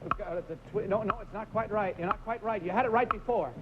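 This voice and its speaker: Brief: male game show host, high voice, brisk encouraging patter, lo-fi hissy 1950s broadcast. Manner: brisk, encouraging, chatty with contestants. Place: TV studio stage.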